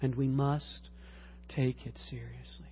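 A man preaching a sermon as a pastor, swinging from low, quiet passages to loud, high-pitched exclamations. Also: little pitch movement, a little slow, a little hiss or hum. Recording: dull lo-fi recording.

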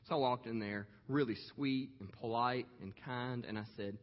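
A man in his thirties preaches, telling a story in a slow, heartfelt way with many "um" pauses. His voice carries a long reverb, as if in a large hall, and the sound is a bit muffled and lo-fi. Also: medium pitch. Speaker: pastor. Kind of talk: sermon storytelling. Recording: echoey hall, dull lo-fi sound.

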